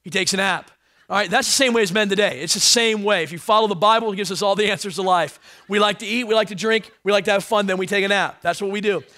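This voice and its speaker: Animated man preaching a sermon. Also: high voice, quick pace, no echo, clean studio sound. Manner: animated, swings from loud emphasis to hushed tones; joking asides to the congregation. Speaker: pastor.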